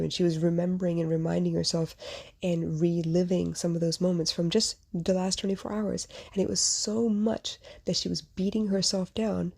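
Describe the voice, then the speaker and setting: A woman's voice: fairly low pitch, fairly even intonation, normal speed, creaky, darkish tone. A woman hosting a podcast, telling a personal story in an earnest, reflective way and speaking straight to the listener. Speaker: podcast host; mother and small business owner.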